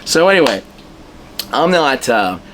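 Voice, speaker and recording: A man who is a local musician, telling a casual anecdote in an animated way and acting out the dialogue. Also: mid-range voice, unhurried, slight background noise. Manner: animated storyteller, acts out dialogue, chuckles while telling. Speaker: local musician being interviewed.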